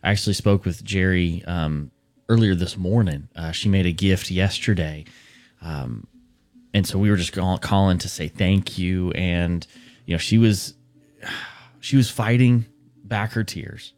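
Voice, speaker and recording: A man hosting a radio fundraising appeal, speaking earnestly and haltingly, with frequent restarts. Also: low-pitched, darkish tone. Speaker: radio host.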